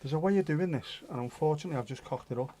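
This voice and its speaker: A man's voice: fairly high pitch, rapid-fire, warm tone, slight background noise. A man hosting a livestream in casual chat, reading viewer comments in a jokey, sweary, self-mocking way. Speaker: livestream host.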